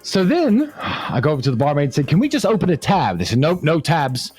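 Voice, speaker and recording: Animated man telling a pub story. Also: a little high, quick pace, breathy edge, no echo, soft background music. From England. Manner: animated storyteller, acts out quotes. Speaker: podcast host. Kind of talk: casual storytelling chat.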